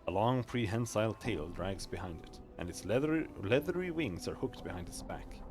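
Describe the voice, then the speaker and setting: A male streamer reading video game text aloud, quick and stumbling over words now and then. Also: on the low side, animated, darkish tone, faint music behind.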